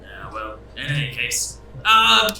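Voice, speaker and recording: A man's voice: medium pitch, sing-song, takes it slowly, gravelly, bright, forceful tone, faint music behind, voice pushed down, heavily acted. A man voicing a nervous, folksy ship captain who hesitates and fills his speech with uhs. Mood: placating. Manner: hesitant, placating, full of uhs. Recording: echoey room, far from mic.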